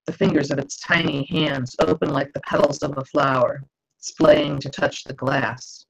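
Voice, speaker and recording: A slow, gravelly woman reading aloud. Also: sits low. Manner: slow, dramatic, expressive reading. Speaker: author. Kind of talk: reading her novel aloud. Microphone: video call. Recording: dull lo-fi video call audio.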